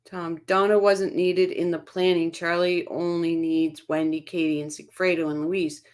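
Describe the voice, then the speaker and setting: A woman's voice: fairly low pitch, little pitch movement, normal speed, smooth. A woman hosting a casual true-crime livestream, reading viewer comments aloud and reacting to them in a chatty way. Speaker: livestream host reading chat.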